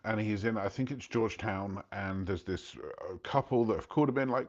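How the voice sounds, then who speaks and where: A man's voice: fairly low pitch, moderate pace, few pauses, muffled recording. A man talking casually to his viewers, telling a story with many asides and asking if they follow. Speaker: host. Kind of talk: casual talk to camera.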